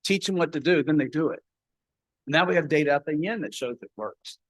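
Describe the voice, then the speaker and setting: A man's voice: a little high, a little fast, no echo, poor audio. A man, giving a conference talk as a paramedic educator, folksy and acting out the dialogue in his stories.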